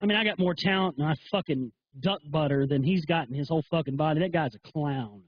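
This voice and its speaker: Crude, rambling male livestream host, husky and high-pitched; dull, dry lo-fi stream. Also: fast talker, dry recording. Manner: crude, rambling, swears a lot. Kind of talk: profane livestream rant.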